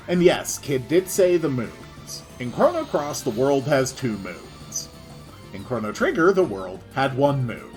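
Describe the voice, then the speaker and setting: A man's voice: medium pitch, big pitch swings, unhurried, soft background music. A man giving casual gameplay commentary with dry, joking asides. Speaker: let's-play host.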